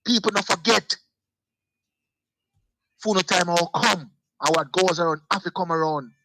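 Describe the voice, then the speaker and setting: A man with a fairly high, bright and forceful voice, talking like he is preaching and hammering each point home by saying it twice. The recording is dry and close, with no room sound. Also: a little slow, no room sound, rough recording. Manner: preachy and emphatic, repeating phrases. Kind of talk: impassioned casual talk.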